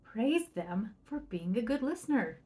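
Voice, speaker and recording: On her parenting podcast, a middle-aged woman coach offers advice at a measured pace, her slightly high voice swinging widely in pitch. Chatty and upbeat, she frequently asks "right?" and performs soft quoted lines.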